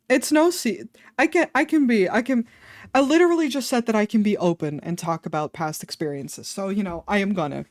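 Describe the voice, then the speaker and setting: A woman streamer chatting casually on a live stream, self-deprecating and quick to laugh. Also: mid-range voice, dry recording, clean studio sound. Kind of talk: casual livestream chat.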